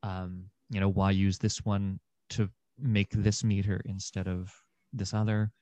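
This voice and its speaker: A man's voice: low voice, flat delivery, a little slow, mellow, no echo. A young man, an actor and podcast guest, talking through ideas in a thoughtful, meandering way with many fillers. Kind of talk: casual conversation.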